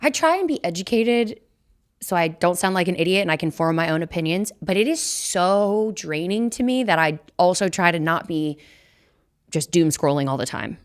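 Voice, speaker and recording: A young woman co-hosting a podcast, outspoken and animated, acting out what other people say. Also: lowish voice, smooth. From United States. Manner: animated, outspoken, quick to act out quotes. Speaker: podcast co-host. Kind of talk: casual chat.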